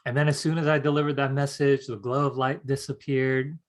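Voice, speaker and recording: A middle-aged man teaching an online workshop, telling a personal story with lively acted-out quotes. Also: medium pitch, fairly quick. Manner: animated storyteller acting out quoted voices. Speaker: psychic development teacher.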